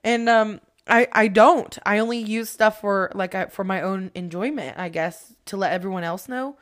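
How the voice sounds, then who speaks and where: A woman's voice: mid-range voice, normal speed. A woman hosting a podcast as a spiritual medium, talking in a rambling, casual monologue with lots of swearing and self-mocking asides.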